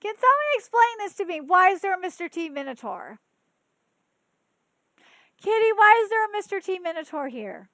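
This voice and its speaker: A woman's voice: extremely high pitch, big pitch swings, moderate pace, pauses often, fairly bright tone, no echo, rough recording. A woman in her thirties hosting a podcast, ranting casually and profanely with exasperation and chatting to her cat, a bit tipsy. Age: 30s. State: tipsy from drinking. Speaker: podcast host.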